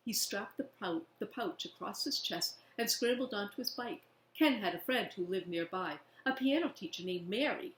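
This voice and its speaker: A woman reading a children's book aloud in a slow, expressive way. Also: on the high side, a little hiss or hum. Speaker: reader. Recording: echoey room.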